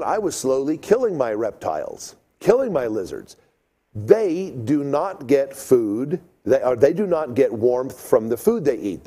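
Middle-aged male storyteller, relaxed warm tone, playful and animated, slips into little voices. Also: mid-range voice, slightly rough. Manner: animated, acts out voices and sounds. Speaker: speaker telling a childhood story. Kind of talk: storytelling talk to an audience.

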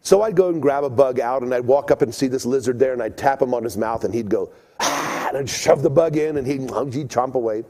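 A middle-aged man telling a childhood story to an audience, lively and acting out voices and sounds. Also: mid-range voice, fast, hardly any pauses. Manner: animated, acts out voices and sounds.

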